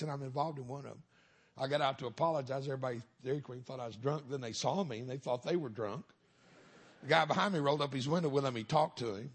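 A man's voice: medium pitch, slightly rough. A middle-aged man, a minister giving a humorous testimony sermon in a folksy storytelling way with punchlines.

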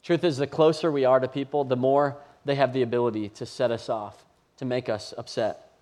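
A man's voice: medium pitch, fairly even intonation, fairly quick, a little mellow. Male pastor in his thirties, storytelling sermon to a live congregation, chatty and self-deprecating. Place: church campus before a live audience.

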